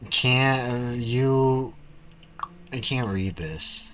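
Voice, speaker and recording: A man streaming a game live, reacting with loud shocked exclamations and flustered muttering. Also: medium pitch, drawn-out words, a little hiss or hum, rough recording.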